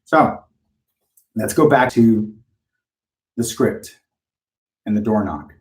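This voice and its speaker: A man's voice: lowish voice, takes it slowly, echoey room, far from the mic. A man coaching real estate agents in a live-streamed training talk, speaking bluntly and cursing freely. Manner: blunt, profane, animated.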